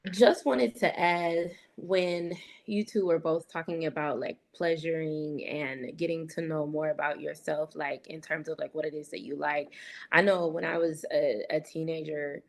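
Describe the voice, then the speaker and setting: A woman in her thirties speaks as a guest in a casual talk. Her voice sits a little low, and she tells stories frankly. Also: steady tone, unhurried, gravelly. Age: 30s. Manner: frank, storytelling. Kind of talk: casual podcast chat.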